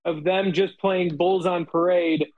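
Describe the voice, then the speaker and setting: A man with a slightly high voice leads a relaxed chat among friends. He tells stories with energy and slips into the voices of the people he quotes. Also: unhurried, narrow, tinny audio. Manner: animated storyteller acting out quotes. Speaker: host. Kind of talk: casual chat.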